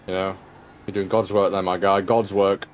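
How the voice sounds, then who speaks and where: A man's voice: sits low, flat delivery, moderate pace, slight background noise. A man streaming a sim racing session, tired and yawning, chatting casually and joking with viewers he greets by name. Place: at home.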